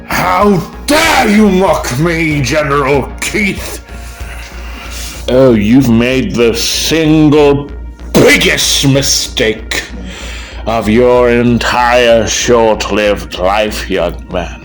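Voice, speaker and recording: A man's voice: mid-range voice, lively intonation, very slow, soft background music. A man voicing a pompous, menacing male emperor who threatens his host. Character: pompous tyrant emperor, middle-aged man.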